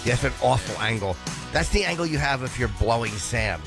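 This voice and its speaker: A man's voice: medium pitch, lively intonation, fairly quick, creaky, over music. A man co-hosting a radio talk show over a video call, his voice a little scratchy and smoky as he tells rambling, self-deprecating stories. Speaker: co-host. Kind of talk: casual radio banter. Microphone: remote video call.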